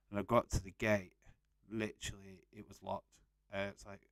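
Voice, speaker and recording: A man's voice: fairly low pitch, level tone, moderate pace, no room sound. A young man casually hosting a live stream, reading out and answering chat messages and laughing often.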